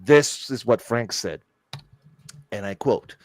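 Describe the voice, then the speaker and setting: A man co-hosting a geek podcast, telling stories in an excited, casual way and swearing freely. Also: mid-range voice, slow pace, dry recording. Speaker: podcast co-host. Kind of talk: casual chat.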